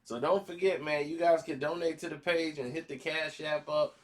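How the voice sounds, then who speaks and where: A man hosting a casual commentary vlog, talking in slangy, animated style and acting out quotes. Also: fairly high pitch, moderate pace. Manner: animated, slangy, acts out quotes in other voices. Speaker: commentary channel host.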